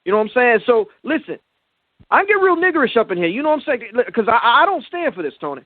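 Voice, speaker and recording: High-pitched man, brash slangy caller, dry close sound, tinny phone line. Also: big pitch swings, fast, no echo. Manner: brash, slangy, boastful tough talk.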